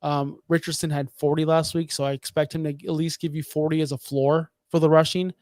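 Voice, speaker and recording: A man's voice: a little high, flat delivery, brisk, darkish tone, dry recording. A man co-hosting a fantasy football podcast, talking in a fired-up, emphatic, ranting way. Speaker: podcast co-host. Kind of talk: heated fantasy football talk.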